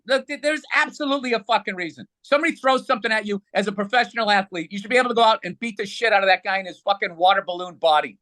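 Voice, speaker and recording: Man, podcast co-host, profane blunt rants, teasing, high bright sharp voice, dry close mic. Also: fast, dry recording. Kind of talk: casual sports chat.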